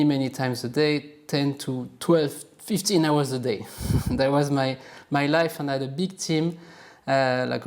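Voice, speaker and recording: A man's voice: medium pitch, a little mellow. Upbeat French-accented man explaining casually. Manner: upbeat, chatty, laughs at himself. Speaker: supply chain educator. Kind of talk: casual explainer while drawing on a board.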